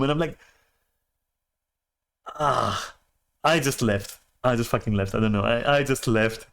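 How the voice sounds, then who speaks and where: A man streamer telling a story in a casual rant, animated, swearing and restarting often. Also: mid-range voice, unhurried, pauses often.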